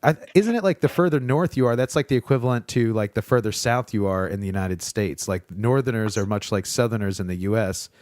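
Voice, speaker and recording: A man's voice: lowish voice, a little fast, hardly any pauses, darkish tone, dry recording, studio quality. A man from Kentucky with a Kentucky accent, hosting a podcast in a chatty, easygoing way and laughing easily. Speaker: podcast host. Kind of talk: casual podcast chat.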